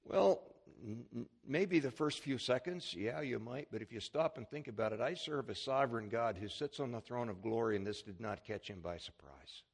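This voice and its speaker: A man's voice: mid-range voice, normal speed, few pauses, husky. A middle-aged man preaching a sermon as pastor, telling anecdotes and acting out the voices in them. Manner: storytelling preacher, acts out voices in his anecdotes.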